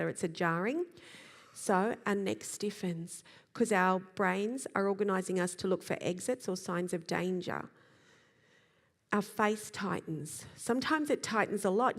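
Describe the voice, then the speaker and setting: A woman speaks to an audience on children and self-regulation at a middling pitch. She explains with energy and slips into acted examples. Her voice trails off in a long hall reverb. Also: moderate pace. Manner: lively explaining, acts out examples. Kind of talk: live talk to an audience.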